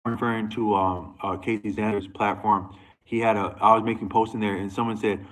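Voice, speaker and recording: A man's voice: lowish voice, little pitch movement, a little fast, a bit bright, low-quality recording. A man talking to camera in a loose, rambling monologue, restarting sentences and going off on asides. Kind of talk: casual monologue.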